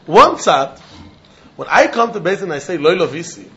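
A man's voice: high-pitched, big pitch swings, normal speed, sharp tone. A man teaching a Talmud lesson in English peppered with Yiddish and Hebrew terms, acting out both sides of a legal case in quoted voices. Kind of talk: Talmudic lecture. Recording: dull lo-fi recording.

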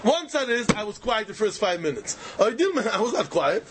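A man with a Yiddish-inflected English accent lectures on Talmud in a sing-song study chant. His voice sits very high and swings widely as he fires off rhetorical questions. Faint noise runs underneath. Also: sing-song, moderate pace. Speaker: Talmud teacher.

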